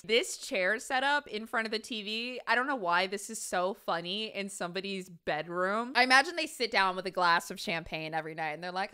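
A young adult woman hosting a stream, chatting casually and excitably as she reacts to videos and pictures, often breaking into laughter. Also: medium pitch, brisk, few pauses, over music. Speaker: streamer host.

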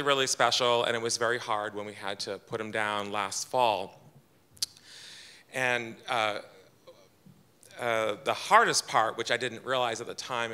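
A man with a very bright, ringing voice tells a personal story to a live audience. He is chatty and self-deprecating, and he slips into quoted lines of dialogue in his own voice. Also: fairly low pitch, smooth. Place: event room with audience.

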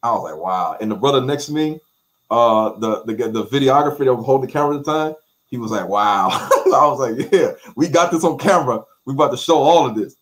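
A man with an African American English accent, a guest in an interview, telling stories in an animated way, repeating phrases and acting out quotes. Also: medium pitch, fast. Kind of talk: animated conversational storytelling.

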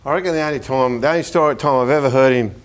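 A man on a sports panel, asking halting questions and telling a lively anecdote. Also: mid-range voice, clean tone. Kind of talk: TV panel discussion.

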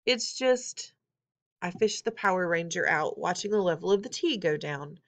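A woman reading a novel aloud in an expressive, wry first-person storytelling manner. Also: fairly low pitch, brisk. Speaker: audiobook reader.

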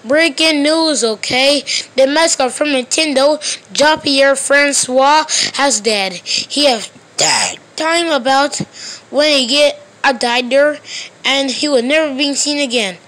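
High-voiced woman playing with toys. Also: fairly bright tone. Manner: quick switching between plush toy characters; loose, ungrammatical play talk. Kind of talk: toy play with many voices.

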